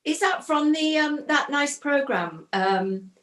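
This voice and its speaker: A woman's voice: sits high, expressive, slow pace, a bit bright, roomy sound. An older woman with an English accent, chatting genteelly as co-host. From England. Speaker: co-host, host's mother.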